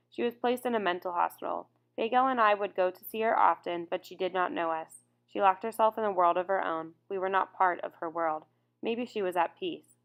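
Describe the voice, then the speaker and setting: A woman voicing a gentle, quietly determined teenage boy in an audiobook, speaking in a soft, calm voice. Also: fairly low pitch, creaky. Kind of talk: audiobook character reading.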